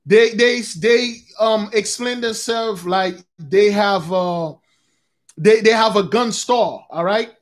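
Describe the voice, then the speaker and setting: High-voiced man rambling to his viewers. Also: slow pace. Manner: rambling and repetitive, often calls listeners brothers and sisters. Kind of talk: casual spiritual talk to viewers.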